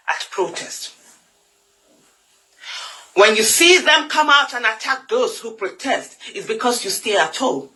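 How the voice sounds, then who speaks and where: A woman's voice: medium pitch, pushed and bright, rough recording. A Nigerian woman with a Nigerian accent giving an impassioned political monologue, fiery and emphatic with lots of repetition. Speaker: political commentator.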